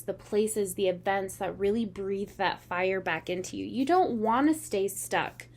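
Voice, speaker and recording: A woman giving a casual tarot reading, talking in an earnest, meandering way. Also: medium pitch. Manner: meandering, earnest, slow and unhurried. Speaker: tarot reader.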